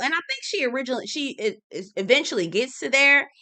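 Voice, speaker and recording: Woman, sassy recap host, bright forceful voice, teasing, talks straight to viewers. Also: high voice, brisk, hardly any pauses. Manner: sassy, calls viewers "y'all" and "girl"; laughs and teases, animated. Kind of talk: chatty commentary video.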